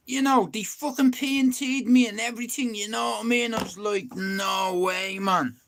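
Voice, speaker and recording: A young man with a raised, fairly high voice tells a long story on a live stream. He rambles and swears freely, and he keeps checking in with "you know what I mean". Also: unhurried, gravelly, fairly bright tone. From Ireland. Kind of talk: casual storytelling to viewers.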